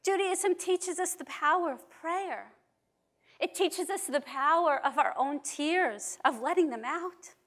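A woman rabbi from New York giving a measured, emphatic talk at a conference. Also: sits high, a bit bright. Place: conference hall.

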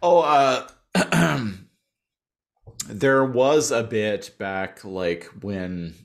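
A man's voice: mid-range voice, drawn-out words, gravelly. A man co-hosting a podcast, chiming in with short, dry remarks. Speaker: podcast co-host. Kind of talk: casual recap chat.

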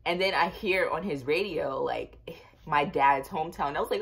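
A young woman casually telling a storytime tale to her viewers, chatty and animated, with lots of fillers. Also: low-pitched, normal speed, husky. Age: young adult. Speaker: vlogger.

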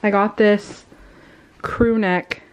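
A woman's voice: mid-range voice, steady tone, drawn-out words, smooth. A young woman chatting casually to the camera as a vlogger, loose and rambling with many fillers. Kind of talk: casual vlog haul chat.

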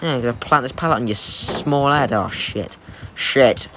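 A young man giving excitable, jokey live commentary while playing a game, swearing and trash-talking the opponent. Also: mid-range voice, normal speed, a little hiss or hum. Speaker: gaming YouTuber.

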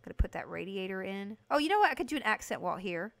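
A woman livestreaming a house renovation game, chatting casually with her viewers and breaking into excited bursts. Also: medium pitch, quick pace, gravelly. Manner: chatty, talks to chat by name, excited bursts. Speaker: livestream host playing a video game. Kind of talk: casual live game commentary.

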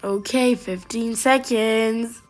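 A woman's voice: on the high side, steady tone, slow pace, a little mellow. A woman giving playful, casual commentary on her gameplay and reading the game's text aloud. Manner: chatty, playful, reads game text aloud. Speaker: gaming YouTuber. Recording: faint game music behind.

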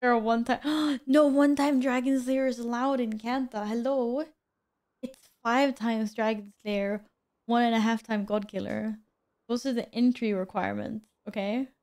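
A woman's voice: a little high, fairly even intonation, unhurried, darkish tone. A woman streaming a game and chatting casually, greeting viewers by name and laughing often, a little stuffy from a cold. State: slightly stuffy, recovering from a cold. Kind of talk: casual live-stream chat.

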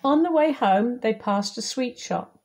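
A woman volunteer reading a children's picture book aloud, lively and talking straight to young listeners. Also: a little high, measured pace. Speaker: volunteer storybook reader.

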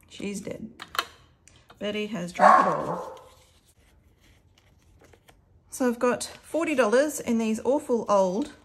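A woman's voice: mid-range voice, background noise. Chatty Australian woman counting cash. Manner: chatty and upbeat, talking to viewers while counting. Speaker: budget vlogger. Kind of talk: casual vlog, counting cash aloud.

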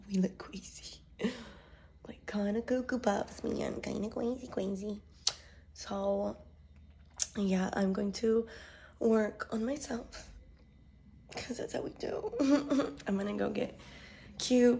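Woman rambling on her vlog, swears a lot, tired, mellow dark voice. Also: mid-range voice. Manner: profane, rambling, laughs often. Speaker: beauty brand owner vlogging. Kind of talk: casual vlog monologue.

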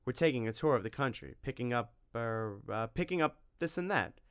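A man voicing an eager, stubborn young boy in a storybook reading, pitching his voice up. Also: expressive, a little fast, fairly bright tone, clear, resonant tone, no room sound, clean studio sound, lightly acted.

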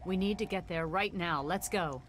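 A woman's voice: lowish voice, moderate pace, a little hiss or hum, close to an everyday voice. An actress playing a stern, commanding female scientist who speaks firmly and urgently. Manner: firm, urgent, authoritative. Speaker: game character.

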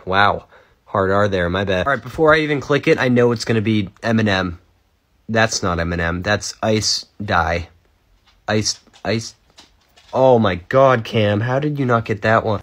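A man in his twenties giving a casual comedic monologue, sarcastic and rambling, jumping between loud outbursts and muttered asides. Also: lowish voice, measured pace. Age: 20s. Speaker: comedy creator.

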